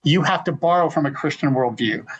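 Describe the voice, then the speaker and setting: A man's voice: fairly high pitch, fairly quick, breathy edge, muffled recording. Middle-aged male guest, emphatic Q&A answerer, leans on repetition. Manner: emphatic, repeats words, retells arguments. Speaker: guest speaker. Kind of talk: answering a question in a live Q&A.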